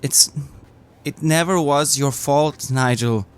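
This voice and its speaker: Slow, stammering man player. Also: mid-range voice, clear, resonant tone. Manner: halting, stammering, earnest. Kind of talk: in-character tabletop play.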